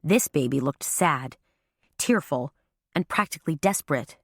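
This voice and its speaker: A woman narrates a mystery audiobook with a deep, low voice. Her even storytelling is recorded close on a studio mic in a dry, deadened space. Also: unhurried, slightly rough, no echo. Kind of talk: scripted narration.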